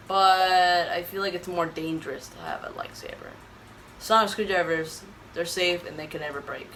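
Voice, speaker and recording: A woman's voice: low-pitched, bright, forceful tone, slight background noise, poor audio. A woman with a Texan accent rambling through an opinionated casual vlog, tired and correcting herself often. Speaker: YouTube vlogger. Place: indoor room, dim lighting.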